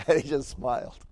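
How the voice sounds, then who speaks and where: A man's voice: fairly high pitch, a little mellow, husky. A man preaching as a missionary, telling stories in a sermon, laughing often and calling out for amens. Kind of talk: sermon storytelling.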